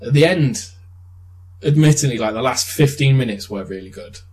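A young man in casual chat, retelling a plot with animated, sweary energy and frequent laughs. His voice sits at a middling pitch, in the normal range for a man. He tells it loosely and conversationally. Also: moderate pace, low-quality recording.

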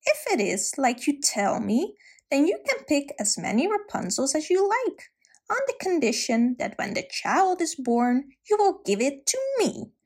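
A woman's voice: high-pitched, sing-song, measured pace, darkish tone, voice pushed up, full character voice. Woman doing a mean wicked witch. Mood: menacing. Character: wicked old female witch, mean and greedy.

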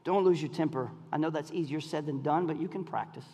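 A man preaching a sermon in a church, calling out to the congregation and swinging between shouts and near whispers. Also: fairly high pitch, quick pace, in a large hall. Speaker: pastor. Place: church sanctuary.

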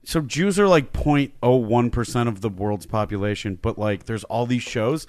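A man's voice: mid-range voice, normal speed, a little mellow, dry recording. A man who is a comedian guest on a podcast, making wry, sarcastic and self-pitying jokes. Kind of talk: casual comedy podcast banter.

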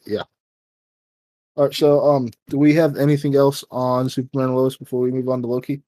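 A man's voice: medium pitch, level tone, moderate pace, warm tone, no echo. A man co-hosting a casual podcast, laid-back, swearing freely and steering the chat. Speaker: podcast co-host.

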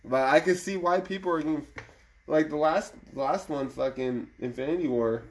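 A man's voice: on the high side, normal speed. A man co-hosting a casual chat show, laid-back, swearing often and laughing a lot.

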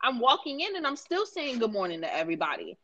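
A woman's voice: on the high side, very animated, fast, pushed and bright, poor audio. A woman co-hosting a podcast in casual chat, venting emphatically and profanely, often asking "you know what I'm saying". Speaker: podcast co-host.

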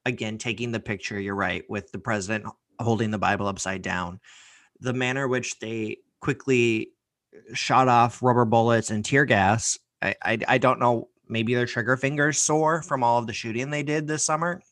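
A man's voice: medium pitch, fairly even intonation, normal speed, a bit bright, dry recording. A man hosting a podcast, giving a heated, sarcastic opinion rant full of profanity. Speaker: podcast host.

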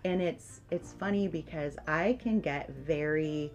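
A woman's voice: low voice, measured pace. A woman co-hosting a podcast in casual chat, earnest, talking in stops and restarts. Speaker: podcast co-host.

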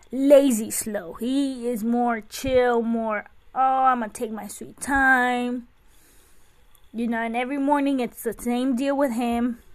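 A woman hosting a podcast, chatting casually and telling stories about raising her kids. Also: sits high. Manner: chatty, anecdotal storytelling. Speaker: podcast host and mother. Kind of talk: casual chat.

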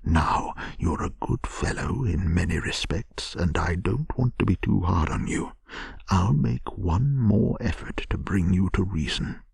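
Man doing a grave old badger, gravelly and hushed. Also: sits low, lively intonation, a little slow, no room sound, studio quality, heavily acted. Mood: stern. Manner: grave, lecturing. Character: stern, wise old male badger. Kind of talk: whispered bedtime story.

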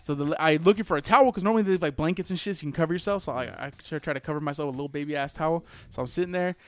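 A young man with a high-pitched voice tells a story among friends, cursing freely and getting worked up as he goes. He talks in a loose, casual way. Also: very fast, dry recording. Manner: profane, animated storyteller. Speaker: podcast host telling a story. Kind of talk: casual chat.

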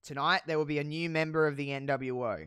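A podcast host casually recapping a wrestling show, telling it with animated, profane storytelling and frequent laughs. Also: medium pitch, fast, smooth, no echo, clean studio sound. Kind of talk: casual chat.

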